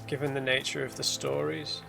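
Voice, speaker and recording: Guy doing let's play commentary, gravelly voice, mutters to himself, spooky game music behind. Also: medium pitch, level tone, brisk. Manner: musing aloud, thinking things through as he explores. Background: eerie game music and hymns.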